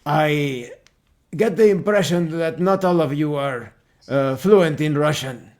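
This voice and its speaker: A man doing a courteous old veteran who pauses and hedges as he talks, in a slightly high, gravelly voice that takes its time. He sounds welcoming but careful in a tabletop horror game. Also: darkish tone. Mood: hesitant. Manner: courteous, halting with ums. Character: polite, hesitant old male veteran.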